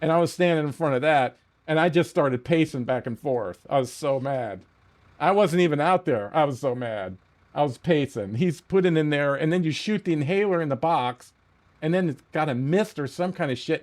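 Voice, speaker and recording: A man streaming a game, telling a story in a profane, animated way and often laughing at it. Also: on the high side, moderate pace. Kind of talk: casual storytelling while playing.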